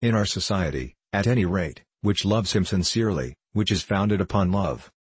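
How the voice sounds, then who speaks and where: A man voicing an impassioned young male anarchist orator in an audiobook, with a low, penetrating, declaiming voice. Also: lively intonation, normal speed, breathy edge, dry recording. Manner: rhetorical, declaiming. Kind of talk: audiobook character voice.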